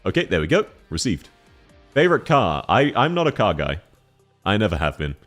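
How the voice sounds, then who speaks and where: A man's voice: fairly low pitch, very animated, fairly quick, fairly bright tone, faint music behind. A man streaming a Q&A, answering chat questions in a playful, teasing way and laughing often.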